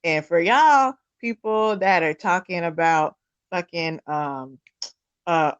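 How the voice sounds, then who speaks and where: A woman's voice: lowish voice, animated, slow, smooth, dry recording, highs cut off. A woman co-hosting a casual sports talk show, blunt, heated and profane. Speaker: podcast co-host.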